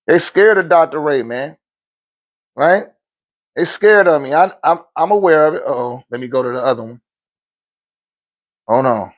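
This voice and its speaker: Guy on a phone live, kinda high voice, preachy and slangy, laughs a lot. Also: lively intonation, normal speed, long pauses. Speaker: livestream host. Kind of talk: casual livestream talk.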